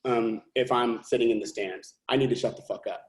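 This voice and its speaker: Interview guest: an earnest, emphatic man with a mid-pitched voice, roomy echo on the recording. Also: fairly even intonation, a little fast. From California, USA. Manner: earnest, emphatic, thinking aloud with restarts. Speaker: company founder and CEO, guest. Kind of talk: podcast interview.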